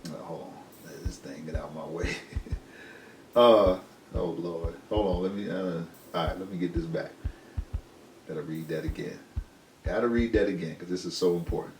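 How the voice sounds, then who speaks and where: A man's voice: low voice, animated, moderate pace, darkish tone. A man co-hosting a podcast in casual chat, earnest and encouraging, full of "you know"s. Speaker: podcast co-host. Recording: roomy, far from mic, light noise.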